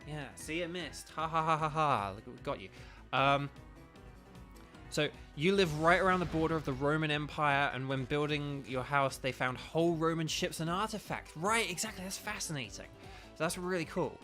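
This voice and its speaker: Bright, chatty streamer. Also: male voice, fairly high pitch, normal speed, soft background music. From United Kingdom. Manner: rambling, filler-heavy, chatty. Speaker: gaming streamer. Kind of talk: casual livestream chat while playing.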